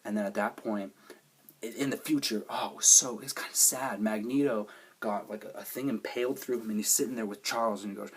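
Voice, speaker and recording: A man's voice: lowish voice, a little fast, husky. A man giving a casual movie review, eagerly retelling the plot in a rambling way.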